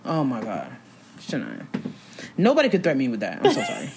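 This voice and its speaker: A woman's voice: extremely low pitch, wildly swooping pitch, fairly quick, vocal fry, a little mellow, a little hiss or hum. A woman in casual chat, ranting emphatically with lots of slang, as a podcast co-host.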